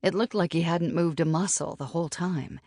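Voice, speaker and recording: A woman's voice: fairly low pitch, fairly even intonation, moderate pace, a little mellow, no echo. Woman narrating an audiobook, dry sound. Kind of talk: scripted narration.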